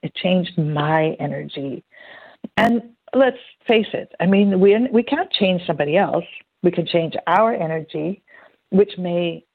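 A woman talking casually in an interview, telling stories and acting out quotes as she goes. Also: lowish voice. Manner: chatty, animated storytelling with acted-out quotes. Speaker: guest. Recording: phone-like narrow band.

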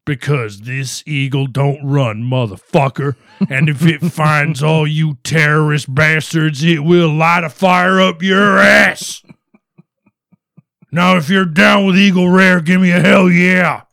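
A man's voice: a little high, fairly even intonation, slow, creaky, fairly bright tone, no echo, clean studio sound, full character voice. A man putting on a redneck voice to read a whiskey label as a brash, swearing patriot. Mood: rowdy.

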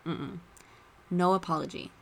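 A woman hosting a podcast, chatting casually and retelling movie scenes with lively asides. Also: fairly low pitch, unhurried, gravelly. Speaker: podcast host.

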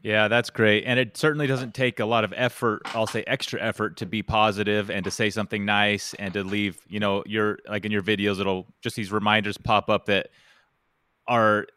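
A man's voice: lowish voice, flat delivery, moderate pace, sharp tone, clear, resonant tone, dry recording, clean studio sound. A male host talking casually in an interview, rambling a little and filling gaps with "like" and "uh". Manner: rambling, lots of "like" and "uh".

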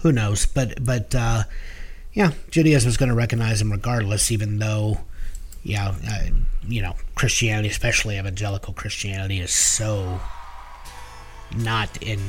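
A man's voice: on the low side, fairly even intonation, normal speed, slight background noise. A man co-hosting a podcast, explaining things in casual chat with many fillers and restarts. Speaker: podcast co-host.

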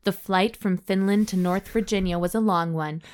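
Woman reading a dumb story out loud on a podcast, joking around, deadpan drama bits. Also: medium pitch, normal speed. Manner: reads with mock drama, stops to joke and laugh. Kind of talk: comedic reading of an erotic story.

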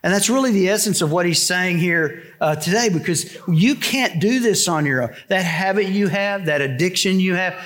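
A middle-aged pastor preaching a conversational sermon with wry asides. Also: male voice, sits high, normal speed, hardly any pauses, fairly bright tone.

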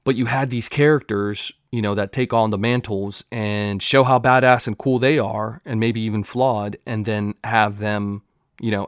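A man's voice: fairly low pitch, no room sound, clean studio sound. A man hosting a solo podcast in a casual chat, loose and profane, with jokey asides. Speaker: podcast host. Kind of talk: casual solo podcast chat about comics and film news.

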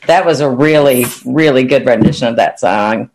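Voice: mid-range voice, moderate pace, slight background noise. A podcast host giving short, encouraging compliments during a casual interview. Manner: warm, encouraging, complimenting the guest.

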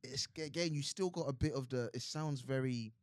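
A young man, chatting casually on a podcast, animated and quick to argue. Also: mid-range voice, no room sound, studio quality. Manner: animated, argumentative, laughs easily. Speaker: podcast co-host. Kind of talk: casual chat.

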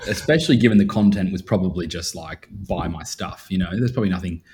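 A man's voice: sits low, very fast, background noise. A man who directs a photography festival, talking in wry, self-mocking podcast banter and laughing often.

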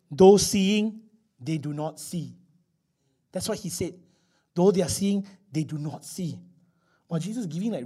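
A man preaching a sermon, swinging from loud emphasis to quiet asides and acting out little scenes. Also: high voice. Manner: animated, acts out little scenes with voices. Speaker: pastor.

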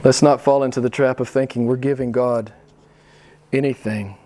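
A middle-aged man preaching a sermon, swinging between loud emphatic lines and hushed, whispered asides. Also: medium pitch, steady tone, normal speed, slight background noise. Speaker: pastor.

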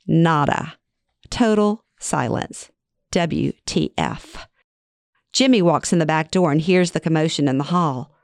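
A woman's voice: deep voice, lively intonation, measured pace, vocal fry, dry recording, clean studio sound. A middle-aged woman reading her own memoir aloud in a wry, conversational way. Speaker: memoir narrator. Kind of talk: first-person storytelling reading.

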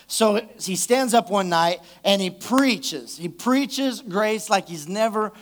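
A male pastor with a high voice preaches a live sermon in church. He keeps it conversational and loose, checking in with the congregation and drawing responses from them. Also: expressive, takes it slowly, a bit bright. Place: church service.

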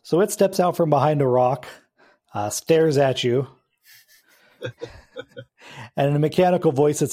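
Mellow man narrating as game master. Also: a little high, measured pace, pauses often. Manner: relaxed, hesitant narration with many fillers.

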